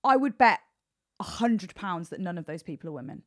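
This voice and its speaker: A woman's voice: lowish voice, animated, a little fast. A woman co-presenting a podcast, bantering in a blunt, playful way. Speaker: podcast correspondent. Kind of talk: casual podcast chat.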